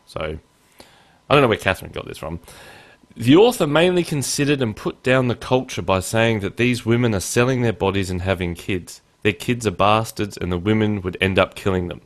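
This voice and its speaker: A man's voice: fairly low pitch, a little fast. A male podcast host chatting casually, joking about himself and laughing often.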